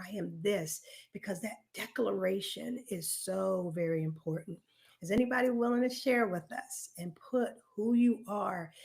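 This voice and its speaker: A woman's voice: mid-range voice, darkish tone. A woman hosting a live online self-reflection workshop, talking straight to her participants in an earnest, encouraging way and stressing key phrases. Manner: emphatic, repeats key phrases. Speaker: workshop host.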